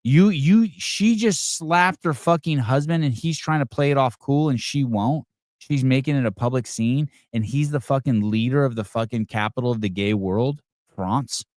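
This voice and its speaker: A man's voice: mid-range voice, moderate pace, darkish tone, no room sound, studio quality. A middle-aged man hosting a live call-in podcast, ranting bluntly and profanely with rambling restarts. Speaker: podcast host. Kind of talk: live call-in show commentary.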